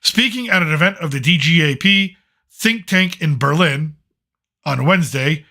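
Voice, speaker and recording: A man's voice: fairly high pitch, lively intonation, normal speed, bright, forceful tone. A man hosting a late-night commentary show, ranting in a blunt, sarcastic, rambling way with some profanity.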